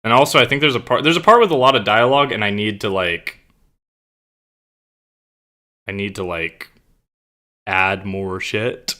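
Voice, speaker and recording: A male streamer with a somewhat low voice and a bright, pushing edge. He talks in a loose, rambling way, full of swearing and self-conscious asides, then reads his own story aloud to his viewers. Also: normal speed, pauses often. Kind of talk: casual live-stream chat and reading aloud.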